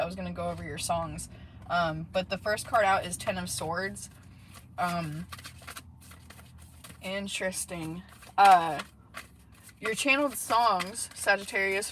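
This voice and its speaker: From a parked car, a tarot reader rambles casually through a reading, dropping plenty of fillers and side comments. Her voice is medium-pitched and fairly bright, and the low-quality recording carries faint background noise.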